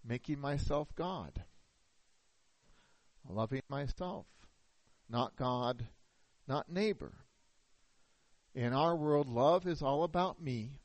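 A middle-aged pastor preaching a sermon, telling a story and asking rhetorical questions. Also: male voice, mid-range voice, takes it slowly, pauses often, no echo, rough recording.

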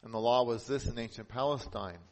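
A man preaching a sermon as pastor, earnest, lifting his voice for emphasis and dropping soft and slow on key points. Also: mid-range voice.

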